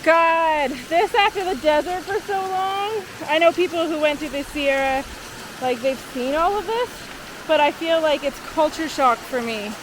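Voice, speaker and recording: A woman from Vancouver Island, a tired long-distance hiker, chatting excitably into a handheld camera on a mountain trail. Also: high-pitched, unhurried, noisy background. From Vancouver Island, Canada. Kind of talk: casual trail vlog.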